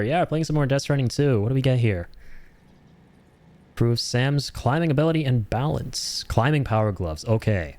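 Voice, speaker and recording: A man's voice: on the low side, a little mellow. Chatty man streaming a game. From India. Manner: chatty, laughs often, greets chat. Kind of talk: casual live-stream commentary.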